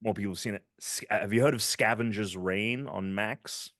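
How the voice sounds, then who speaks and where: A man's voice: on the low side, moderate pace, a bit bright, no room sound, clean studio sound. A British man co-hosting a casual gaming podcast, rambling with lots of fillers as he enthuses. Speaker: podcast co-host.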